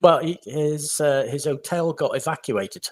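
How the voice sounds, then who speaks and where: A man's voice: a little high, unhurried. British man, panel guest, casual storyteller. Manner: tells stories with little acted quotes. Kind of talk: casual chat.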